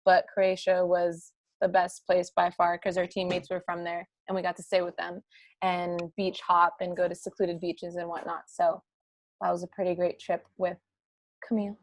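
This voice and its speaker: Woman, low flat voice, halting storyteller, dry video call sound. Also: no echo. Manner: halting, with frequent "um"s. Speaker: game participant, former pro basketball player.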